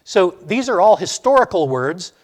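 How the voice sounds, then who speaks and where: A man's voice: sits high, sing-song, normal speed. A middle-aged man teaching a Sunday school class, asking the class questions and telling stories. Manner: storytelling, asks the class questions.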